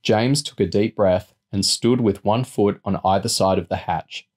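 A man with a lowish voice reading a novel aloud. His narration is steady and even, carrying the story along between character lines. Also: unhurried. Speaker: reader. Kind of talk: audiobook reading.

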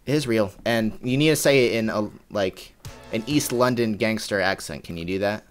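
A man with a low voice co-hosts a loose, casual podcast. He reads game descriptions aloud in a rambling way and laughs often between lines. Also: moderate pace, faint music behind. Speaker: podcast co-host running a guessing game.

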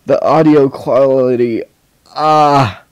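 A man's voice: mid-range voice, steady tone, takes it slowly, clear, resonant tone, dry recording. A man giving casual, rambling reaction commentary as a YouTuber, swearing often.

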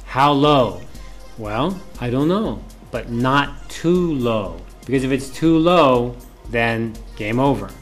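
A man's voice: medium pitch, expressive, slow, soft background music. A male professor giving a classroom lecture, often repeating key points and asking rhetorical questions.

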